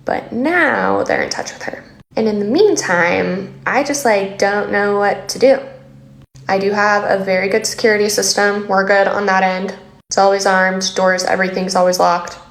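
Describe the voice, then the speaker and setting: A woman's voice: mid-range voice, fairly even intonation, normal speed, reverberant. A woman casually telling a story to camera about her neighbor, matter-of-fact and step by step. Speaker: homeowner telling a story in a social video.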